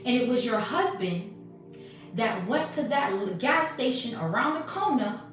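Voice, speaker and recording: A woman's voice: fairly high pitch, expressive, measured pace, very echoey, recorded from a distance, soft background music. A woman giving blunt, profane spiritual commentary as a tarot reader, acting out quoted conversations. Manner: blunt, profane, preachy, acts out quoted exchanges.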